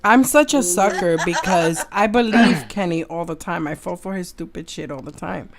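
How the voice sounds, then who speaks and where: A woman's voice: on the low side, moderate pace, crowd noise. Candid woman chatting on a live stream. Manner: candid, swears casually, laughs at herself. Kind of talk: casual chat on a live stream.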